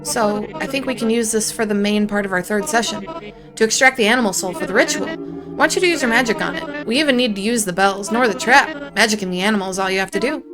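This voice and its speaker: A woman's voice: mid-range voice, quick pace, natural voice. Woman reading a coaxing forest companion. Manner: coaxing, gently pushy. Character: calm, insistent forest companion leading a ritual. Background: game music.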